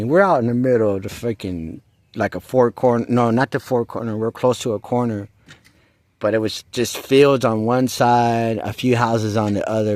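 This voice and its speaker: A man with a fairly low voice recounts a personal story in loose, casual speech. He keeps restarting sentences and repeating "he goes", dropping streetwise slang as he goes. The sound is dry and close, with no room around it. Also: a little mellow, no room sound.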